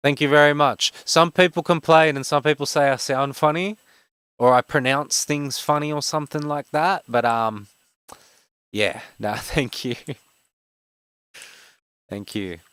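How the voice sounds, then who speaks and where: A man in his twenties from Australia with a broad Western Sydney accent, a game streamer who talks fast and rambles with many fillers in casual chat. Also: fairly high pitch, fairly bright tone, clear, resonant tone, dry recording. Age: 20s.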